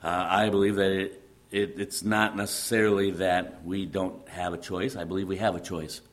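A man with a Midwestern accent, a pastor giving a conversational, gently humorous sermon with fillers and restarts. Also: deep voice, little pitch movement, normal speed. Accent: Midwestern American.

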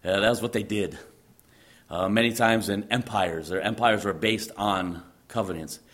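A man's voice: fairly low pitch, moderate pace, fairly bright tone. A man preaching a sermon, teaching emphatically and repeating phrases for stress.

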